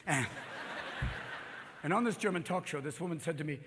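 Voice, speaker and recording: Manic stand-up guy, high lively voice, big theater echo, faint crowd. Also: background noise. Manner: manic, rapid-fire, leaps into voices. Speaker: stand-up comedian. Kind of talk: stand-up comedy. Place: theater stage. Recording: live theater with long reverb.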